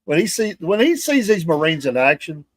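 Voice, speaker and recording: Male co-host, indignant and chuckling, slightly high voice, dry close recording. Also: big pitch swings, normal speed, no echo. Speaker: show co-host. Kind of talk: casual political chat.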